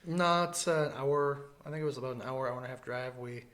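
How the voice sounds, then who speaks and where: A man's voice: medium pitch, brisk, fairly bright tone. Laid-back joking Midwestern man. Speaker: podcast co-host. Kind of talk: casual chat.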